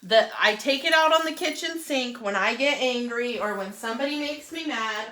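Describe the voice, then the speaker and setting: A woman tells a personal story in casual, animated chat. Her voice is bright and sits a little high. She keeps checking in with her listeners. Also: normal speed. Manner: chatty, animated, keeps asking "right?". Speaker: real estate agent.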